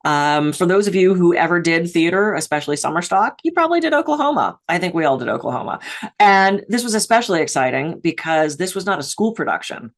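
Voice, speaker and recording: A woman's voice: on the low side, animated, quick pace. A woman from the Pittsburgh area giving a keynote on stress, telling personal anecdotes with playful, self-mocking humor. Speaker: keynote speaker on stress management.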